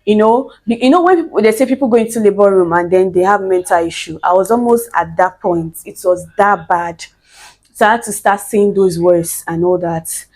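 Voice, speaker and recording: Young woman vlogger, lively storyteller who acts out every quote. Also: medium pitch, moderate pace. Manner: animated, laughs often, acts out quotes. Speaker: vlogger telling her birth story. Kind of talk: casual storytelling to camera.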